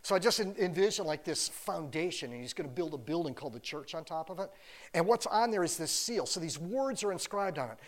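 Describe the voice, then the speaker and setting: A man preaching a sermon in a loose, conversational way, sprinkling "like" through his sentences. His voice sits a bit high, and his delivery stays animated and easygoing. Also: a little fast. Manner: casual, animated, many "like" fillers. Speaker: pastor.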